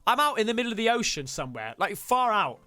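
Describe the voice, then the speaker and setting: A man streamer telling a story to his viewers in an excitable way, swearing freely and talking straight to the audience. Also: high-pitched, quick pace, dry recording, faint music behind. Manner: excitable, swears a lot, addresses viewers directly. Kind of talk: animated storytelling to a live stream.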